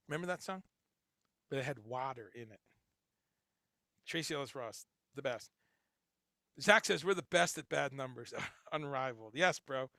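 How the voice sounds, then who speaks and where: A middle-aged man hosts a casual livestream in a gravelly, bright, fairly high voice. He rambles loosely, swears freely and reads viewer comments aloud. The sound is dry and close to the mic. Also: moderate pace, pauses often, no room sound. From grew up in Chicago and Guyana, later New Jersey. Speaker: livestream host.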